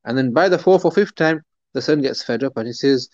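A man's voice: mid-range voice, fast, darkish tone, no echo. Man teaching a religious lesson. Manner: conversational, many fillers and restarts. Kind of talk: Quran commentary lesson. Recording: dull, dry recording.

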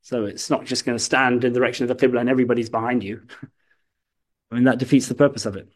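A man's voice: mid-range voice, fairly even intonation, fast. A man teaching a lesson on religious practice, explaining step by step and sometimes breaking into chanted demonstrations. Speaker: Islamic studies teacher.

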